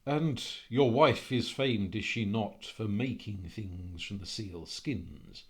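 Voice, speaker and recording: A man voicing a handsome, rich young stranger in an odd foreign accent, slow and courtly. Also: lowish voice. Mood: persuasive. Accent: put-on unplaceable foreign accent.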